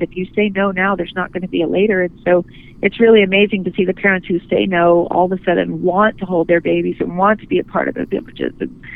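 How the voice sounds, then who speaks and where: A woman guest, a photographer, speaking earnestly and gently in a phone interview, often restarting her sentences. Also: medium pitch. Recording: tinny phone line.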